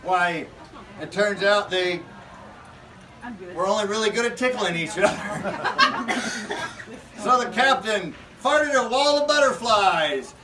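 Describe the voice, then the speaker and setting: A man's voice: high-pitched, lively intonation, slow, pauses often, a crowd in the background. A man improvising a silly comic story with an audience, playful and often laughing mid-sentence, outdoors at a faire. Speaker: costumed pirate storyteller at a faire. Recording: distant, noisy outdoor faire recording.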